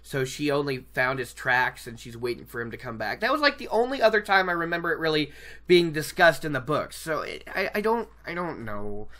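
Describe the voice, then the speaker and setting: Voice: mid-range voice, expressive, brisk, fairly bright tone. A host giving casual commentary on a book, chatty and digressive, often laughing at their own jokes.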